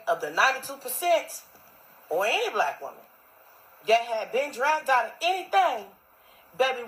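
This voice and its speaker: A woman's voice: fairly high pitch, poor audio. A woman speaking emphatically to camera, lecturing her audience.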